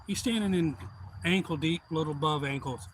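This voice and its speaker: A middle-aged man with a drawl rambles through a long story on a live stream, cussing freely and circling back on himself. His voice sits a little higher than most men's. A faint hum runs underneath. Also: brisk. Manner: profane, meandering, folksy.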